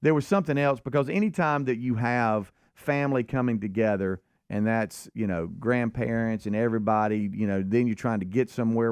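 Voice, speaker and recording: A man's voice: medium pitch, fairly quick, few pauses, a little mellow, clean tone, dry recording. A man hosting a radio talk show, joking and teasing his co-hosts. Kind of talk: casual radio banter.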